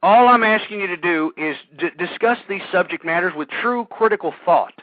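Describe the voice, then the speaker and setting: A man hosting an internet talk radio show, speaking in a rambling monologue that stumbles over repeated words and turns loud and heated. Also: high-pitched, a little fast, no echo. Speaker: radio host. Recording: tinny phone-line sound, dry.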